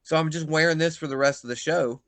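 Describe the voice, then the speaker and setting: A man telling a backstage story in casual chat, animated and swearing, acting out quotes in loud bursts. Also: a little high, quick pace, dry recording. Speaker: pro wrestler, podcast guest.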